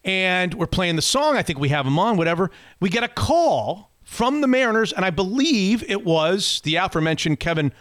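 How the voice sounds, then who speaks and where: High-voiced man telling a story. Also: normal speed, few pauses, no echo, clean studio sound. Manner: animated storyteller, restarts sentences. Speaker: podcast co-host. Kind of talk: casual storytelling chat.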